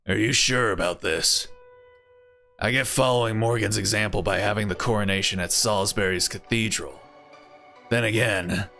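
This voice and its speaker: A gruff, resentful male fairy warrior, played by a man, speaking low and grudging. The voice sits well under the reader's own, with faint music behind. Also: pushed and bright.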